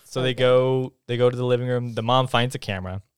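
Male podcast co-host, mid pitch, smooth voice, dry close mic, giggly recap energy. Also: fairly even intonation, no echo. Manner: chatty, laughing, acts out characters' lines in quick impressions. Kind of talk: casual movie recap chat.

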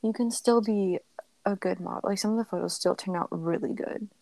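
A young woman talks easily with a friend over a video call, thoughtful and heavy on fillers. Her voice has a gravelly vocal fry. The sound is dry and close. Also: medium pitch, brisk, warm tone, no room sound, rough recording. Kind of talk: casual chat, quiz game.

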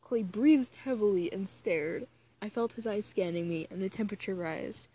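A woman with a husky, slightly breathy voice reads a story aloud in a casual, offhand way. She keeps stopping to groan and complain before pushing on with the text. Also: medium pitch, normal speed, dark tone. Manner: groans and cringes between read passages. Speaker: reader of fan fiction aloud. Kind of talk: casual reading with exasperated asides.

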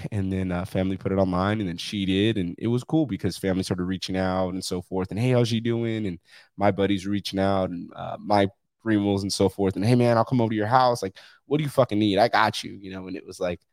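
A man's voice: on the low side, darkish tone, no echo. A man hosting his own podcast, talking bluntly and candidly with frequent swearing. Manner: blunt, profane, emphatic. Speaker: podcast host. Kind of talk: candid solo podcast monologue.

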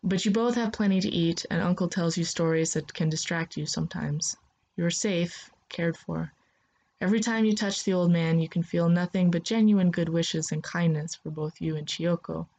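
A woman narrates a science-fiction tale addressed to the listener as "you". Her voice sits lowish and her delivery is calm and steady. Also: moderate pace. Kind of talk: second-person story narration.

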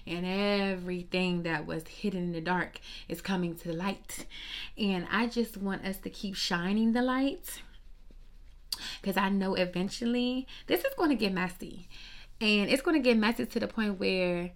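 A woman ranting in a casual, profane gossip monologue, sassy and animated, with lots of rhetorical questions. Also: on the low side. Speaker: commentator. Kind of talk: casual celebrity gossip rant.

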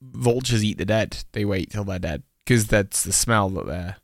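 A man's voice: lowish voice, normal speed, gravelly, dry recording, clean studio sound. A young man co-hosting a podcast in casual chat, playful and teasing. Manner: playful, teasing, breaks into mock-dramatic lines. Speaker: podcast co-host.

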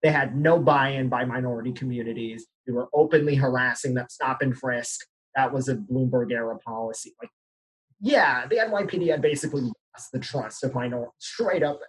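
Young male podcast panelist from Arizona, husky, candid and casual. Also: mid-range voice, moderate pace, poor audio. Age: young adult. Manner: candid, laughs nervously at grim news. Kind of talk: casual discussion.

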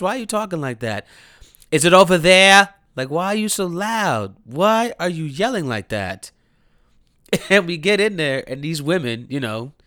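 Male reviewer, casual profane rant, animated and blunt, bright forceful voice, dry close sound. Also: fairly high pitch, no room sound. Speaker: movie reviewer.

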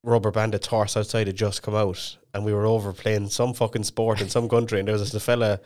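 A man's voice: on the low side, little pitch movement, a little fast, a little mellow. A young Irish man co-hosting a podcast, telling stories in casual chat and swearing freely. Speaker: podcast co-host.

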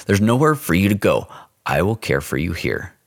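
A man voicing a stout, gruff, domineering frontier Indian agent who gives curt, menacing orders. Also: low voice, sing-song, normal speed, no room sound, clean studio sound, full character voice.

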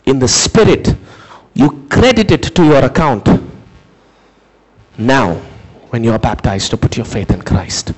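A man preaching a sermon, dramatic, shouting some phrases and dropping low and slow for others, asking listeners to repeat words after him. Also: big pitch swings, poor audio. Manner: dramatic, swings from high emphatic shouts to low slow intense delivery.

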